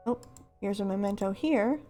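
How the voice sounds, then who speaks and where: A woman's voice: mid-range voice, moderate pace, mellow, soft background music. A woman casually commenting while playing a video game, chatty and self-deprecating. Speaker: let's-play host.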